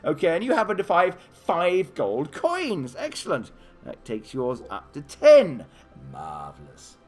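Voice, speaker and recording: Male game master, lively swooping delivery, slightly high voice, narrates a kids' tabletop adventure. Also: measured pace, soft background music. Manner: animated storytelling, offering choices.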